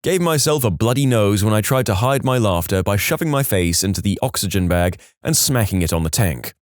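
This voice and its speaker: A man's voice: fairly low pitch, lively intonation, a little fast, dry recording, studio quality. A man narrating submitted stories in a scripted storytime style, wry, with joking asides between stories.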